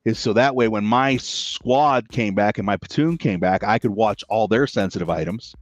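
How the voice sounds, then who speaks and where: A man's voice: fairly low pitch, moderate pace, dry recording. A man hosting a podcast, swapping army stories in casual chat and acting out what people said. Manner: animated storyteller acting out quotes. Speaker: podcast host.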